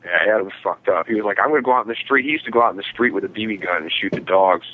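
A Midwestern American man tells a swearing, animated anecdote at a fast clip, putting on shouted voices for the people in it. His voice sits a little low and swings widely. The sound is narrow and phone-like, with faint hiss behind it. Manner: fast, profane anecdote teller who acts out quotes. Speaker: podcast regular. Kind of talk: casual storytelling among friends.

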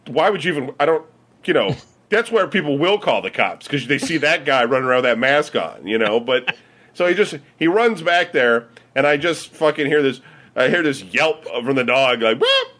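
Telling casual stories among friends at a moderate pace, this medium-pitched man with a Midwestern American accent curses freely and laughs as he acts out the people involved. He is a podcast regular, and his tales wander.

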